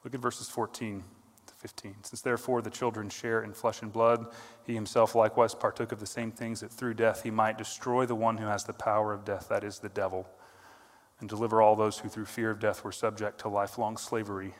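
Pastor guy preaching, earnest, gets loud then drops soft, lots of hall echo. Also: lowish voice, level tone, brisk. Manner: earnest, builds to emphatic peaks then drops quiet. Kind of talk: sermon. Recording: long hall reverb.

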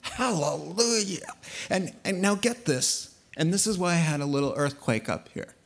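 A man preaching a sermon, telling a Bible story in an animated, playful way. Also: fairly high pitch, normal speed. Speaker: pastor.

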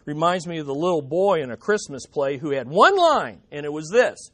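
A male pastor delivering a sermon with a very lively, rising and falling pitch. He stresses his points by repeating key phrases, and he quotes imagined voices with dramatic swings from loud to hushed. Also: moderate pace, hardly any pauses.

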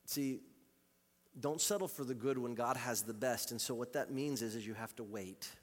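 A man preaching a sermon as a pastor, swinging from loud, urgent calls to quiet, intimate passages and repeating phrases for emphasis. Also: medium pitch, normal speed. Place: church sanctuary. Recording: live church recording with long hall reverb.

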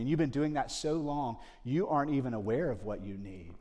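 Animated man preaching a sermon. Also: mid-range voice, fairly quick, hardly any pauses, long reverb tail. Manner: animated storytelling that acts out quoted dialogue.

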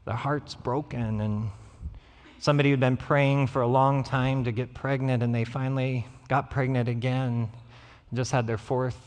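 A man's voice: mid-range voice, little pitch movement, moderate pace. A man, a pastor preaching a sermon, who tells stories and acts out the voices of the people in them. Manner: storytelling, acts out quoted voices. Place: church sanctuary. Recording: church hall reverb.

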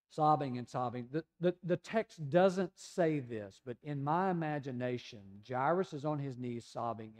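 A man from the United States preaching a sermon in a conversational storytelling way, sometimes dropping to a soft, hushed voice. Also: mid-range voice. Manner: conversational storytelling, acting out voices of people in the scripture passage; drops to a soft, hushed voice in tender passages. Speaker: pastor.

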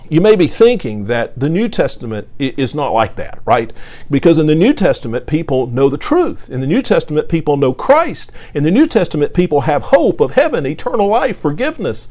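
Male preacher, sermon, animated swooping delivery, earnest, emphatic scripture reading. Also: high voice, moderate pace.

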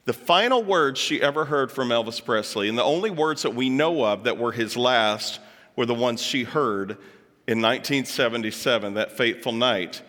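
A man's voice: mid-range voice, moderate pace, pushed and bright. A man giving a chatty, joking talk to a live audience, dropping asides and putting on voices for quotes. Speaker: speaker addressing an audience. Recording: long hall reverb.

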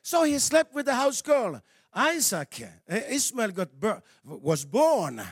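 With a very high, slightly rough voice, a preacher delivers a lively sermon that shifts between soft asides and shouts. He repeats himself haltingly and his phrasing sounds slightly non-native; the audio is echo-free and studio clean.

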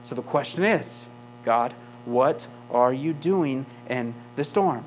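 A man delivers a sermon at an unhurried pace, pressing each point with emphasis. He often turns to the congregation with rhetorical questions. A faint electrical hum sits under his voice. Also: medium pitch, expressive. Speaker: pastor.

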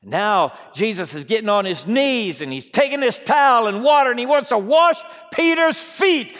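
A man preaching a sermon, acting out voices from the story and swinging between hushed, drawn-out lines and loud ones. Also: extremely high pitch, big pitch swings, big-room sound.

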